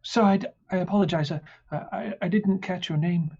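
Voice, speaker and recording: A man voicing a nervous, flustered male guard who talks in a rushed, apologetic way. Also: creaky, a little mellow, slightly rough, heavily acted. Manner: rushed, apologetic, high-strung. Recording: dull lo-fi sound.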